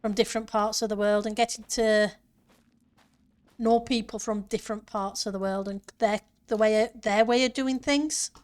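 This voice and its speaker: A woman's voice: mid-range voice, fairly even intonation, normal speed. A woman streamer chatting casually with her viewers and answering chat while she plays a building game. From northern part of her country.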